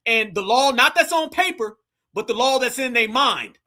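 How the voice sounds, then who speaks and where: Fiery bright-voiced male commentator. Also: extremely high pitch, animated, moderate pace. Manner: fiery, preachy, addresses listeners as family. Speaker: commentary channel host. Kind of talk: reaction commentary.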